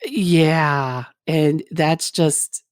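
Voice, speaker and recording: A woman's voice: low voice, drawn-out words, no room sound, clean studio sound. A woman guest in casual podcast chat, talking frankly and candidly in a rambling way about her past phone work. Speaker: guest, former phone sex operator.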